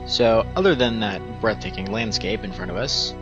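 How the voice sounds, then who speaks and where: A man's voice: fairly low pitch, moderate pace, lo-fi sound, music in the background. A man casually commentating his strategy-game playthrough, rambling and correcting himself as he thinks aloud.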